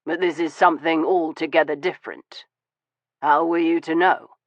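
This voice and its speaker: A man voicing a wounded, weary Victorian gentleman who speaks in a low, measured and bitter way in an audiobook. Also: steady tone, dry recording, lightly acted. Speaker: audiobook voice of a male character. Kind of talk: audiobook dialogue reading. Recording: dull, dry studio audio.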